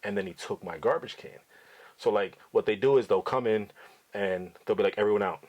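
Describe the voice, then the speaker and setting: A man's voice: fairly low pitch, a little fast, a little mellow. A middle-aged father hosting a podcast, telling his son stories in a blunt, profane, outspoken way. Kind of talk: casual storytelling to his son.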